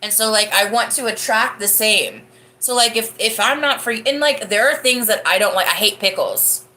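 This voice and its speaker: A woman's voice: a little high, normal speed, bright, forceful tone. A young woman hosting a live podcast, chatting casually and rambling as she answers viewer comments, laughing often. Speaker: livestream podcast host.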